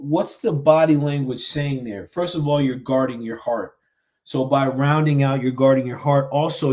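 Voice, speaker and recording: A man who founded a men's education group, coaching viewers in an earnest, animated live-stream talk with frequent restarts and pauses. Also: medium pitch. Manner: mimics harsh self-talk in sharp raised bursts.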